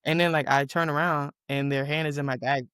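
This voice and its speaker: A woman's voice: low-pitched, a little fast, smooth, no room sound, studio quality. Chatty, profane Southern woman co-host. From Southern United States. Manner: self-described yapper, animated and profane storytelling. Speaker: podcast co-host. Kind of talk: casual chat.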